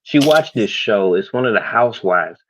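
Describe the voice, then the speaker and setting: A man's voice: on the low side, lively intonation, normal speed, slight background noise, low-quality recording. A man chatting casually on a livestream panel, hesitant and restarting, with small chuckles. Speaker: panel guest.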